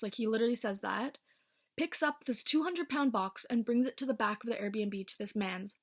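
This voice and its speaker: A vlogger in her twenties with a medium-pitched voice tells a storytime casually and bluntly, swearing freely. Her pace shifts, with quick bursts between slower stretches.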